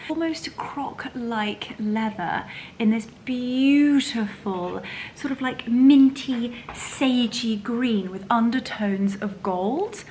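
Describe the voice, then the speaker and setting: Woman, 30, lifestyle vlogger: gushing, breathy half-whispers, a bit high. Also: slow, a little mellow, a little hiss or hum, rough recording. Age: 30s. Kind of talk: casual vlog chat.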